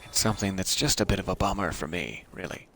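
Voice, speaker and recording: A man's voice: deep voice, fast, creaky, fairly bright tone, faint music behind. A man giving wry, self-deprecating commentary while playing a video game. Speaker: game streamer. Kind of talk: let's-play commentary.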